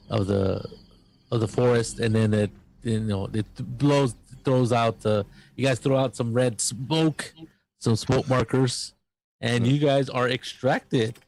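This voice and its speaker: As game master of a tabletop role-playing game, the man narrates in a gravelly, mid-range voice with a darkish tone, frequently restarting and using fillers in halting speech.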